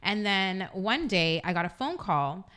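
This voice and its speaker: A young adult woman co-hosting an internet radio talk show, telling a story in a casual, animated way and acting out the voices of the people in it. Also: medium pitch. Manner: fast-talking, animated, acts out quoted voices.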